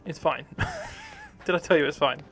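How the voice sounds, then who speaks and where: A man's voice: on the high side, wildly swooping pitch, measured pace, a bit bright, a little hiss or hum. A young man casually commentating his game live on stream, swearing often, mocking himself and laughing easily.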